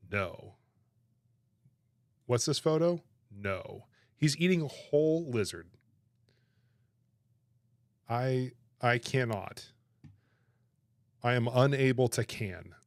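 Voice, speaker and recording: A man chatting on his livestream, animated and laughing, protesting in exaggerated disbelief. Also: medium pitch, slow pace, long pauses, no echo, studio quality. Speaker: streamer reacting to chat. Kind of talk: casual livestream chat.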